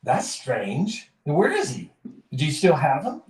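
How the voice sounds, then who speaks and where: A man voicing a down-on-his-luck male drunk vagabond who schemes, in a high drawl. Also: wildly swooping pitch, measured pace. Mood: scheming. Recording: roomy, distant mic.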